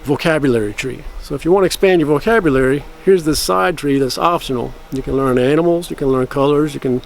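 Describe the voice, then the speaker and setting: A man's voice: on the high side, gravelly, slight background noise. Easygoing man rambling about learning. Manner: rambling, self-correcting explanations; slow careful practice of phrases. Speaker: language-learning vlogger. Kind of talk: casual talk to camera.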